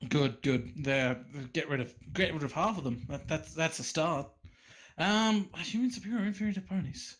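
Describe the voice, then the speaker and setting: Podcast guest, man, slightly high pitch, hesitant and full of restarts. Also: fairly bright tone, low-quality recording. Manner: halting, many fillers and restarts. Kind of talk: casual chat.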